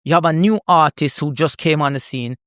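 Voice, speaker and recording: A man from Jamaica with a Jamaican accent, a comedian chatting on a podcast, animated and laughing often as he tells stories. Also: on the high side, brisk, no room sound, studio quality. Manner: animated storyteller, laughs a lot, repeats "you know what I mean". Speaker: guest comedian. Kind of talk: podcast conversation.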